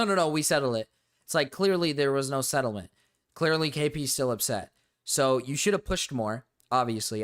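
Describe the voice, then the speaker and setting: A male streamer rants through a live reaction to online drama. He swears freely and often stops to restart his sentences. His voice sits at an ordinary middle pitch. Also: fairly bright tone. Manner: heated, profane ranting with frequent restarts.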